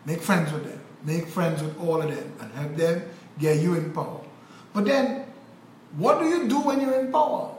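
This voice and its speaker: A man's voice: high-pitched, echoey room, slight background noise, poor audio. A man with a Trinidadian accent, from Trinidad and Tobago, delivering an angry, emphatic political monologue with repeated rhetorical phrases. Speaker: political commentator.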